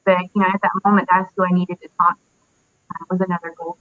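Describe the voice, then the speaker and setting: A young woman in her twenties, an interview guest, recalls a painful loss in a halting way, with many fillers and pauses. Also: fairly low pitch, flat delivery, no room sound. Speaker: interview guest, military widow. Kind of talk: emotional personal recollection. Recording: dry tinny phone-like audio.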